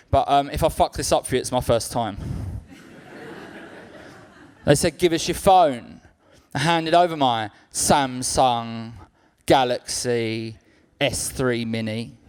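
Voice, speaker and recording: A young man doing a stand-up comedy set on a club stage, telling stories deadpan and acting out other people's lines. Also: on the high side, clear, resonant tone. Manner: acts out others' lines in quick-switching voices.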